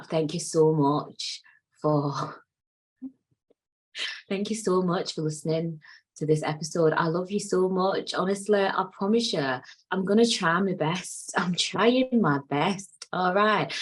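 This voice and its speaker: Low husky woman, candid podcast host. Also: low-quality recording. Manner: candid, rambling, swears freely. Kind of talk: casual solo podcast chat.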